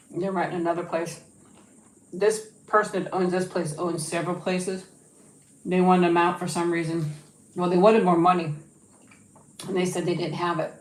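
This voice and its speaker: Woman, home livestream host, lowish voice, rambly casual chat, echoey room. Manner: chatty, rambling, coaxing her dog in a sing-song voice. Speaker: YouTube channel host.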